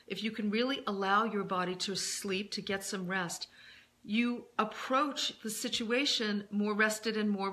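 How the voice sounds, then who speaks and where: A woman author talking through self-soothing advice in a casual, gentle monologue, pausing often with fillers and restarts. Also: on the low side. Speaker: self-help author and speaker.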